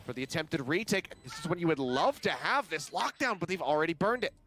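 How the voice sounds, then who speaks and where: A man's voice: fairly high pitch, animated, fairly quick, a bit bright. A man casting a competitive shooter match, calling the action steadily and analyzing each team's choices. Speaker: esports caster. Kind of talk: play-by-play commentary.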